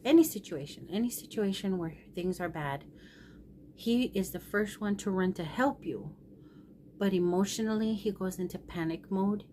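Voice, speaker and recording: A woman's voice: mid-range voice, moderate pace, mellow, slight background noise. A middle-aged woman vlogger telling a personal story in a candid, rambling, emotional way.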